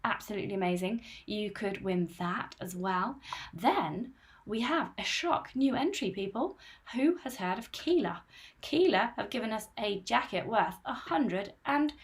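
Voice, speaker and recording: A woman's voice: medium pitch, animated, unhurried. A woman in her thirties hosting a running live stream, chatting upbeat and casually as she reads out viewer comments.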